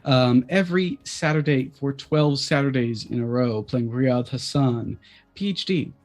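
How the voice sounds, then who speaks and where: A man appearing as a guest on a live-streamed chat show, talking in an energetic, quick way. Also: mid-range voice, faint music behind.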